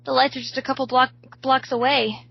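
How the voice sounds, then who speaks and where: A woman voicing a panicked young woman who screams for help in a high, frantic voice, recorded slightly dull. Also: flat delivery, normal speed, gravelly, breathy edge, exaggerated voice. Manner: shrill frantic cries.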